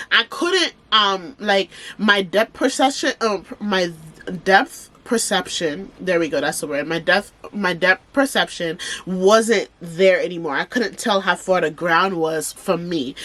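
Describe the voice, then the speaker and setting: A young woman speaks candidly to camera. She tells her own story emphatically, calling out to her viewers, and her voice is bright and ringing at a middle pitch. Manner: emphatic and animated, addressing viewers directly. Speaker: vlogger.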